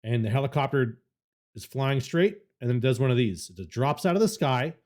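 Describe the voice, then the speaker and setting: Animated man telling a story. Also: mid-range voice, fairly quick. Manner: animated, swears freely. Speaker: podcast co-host. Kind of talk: casual storytelling chat.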